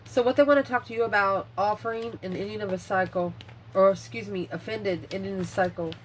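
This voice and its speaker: Woman tarot reader, mid pitch, breathless, blunt and profane, faint background noise. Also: fairly quick, rough recording. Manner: blunt, swears freely, muses aloud over the cards. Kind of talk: casual tarot reading.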